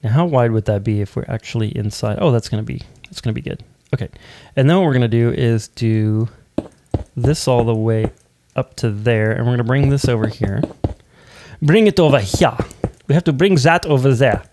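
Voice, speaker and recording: A man's voice: mid-range voice, moderate pace, darkish tone. A man hosting a building tutorial, talking casually and thinking aloud as he places blocks, often humming or counting under his breath. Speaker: Minecraft building channel host.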